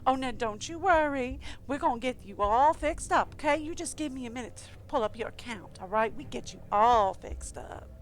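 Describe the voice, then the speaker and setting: A woman's voice: high-pitched, animated, normal speed, hardly any pauses. A woman voicing a sweet-talking Southern belle phone agent, putting on a Southern US accent with a syrupy, soothing manner. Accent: Southern US (put on).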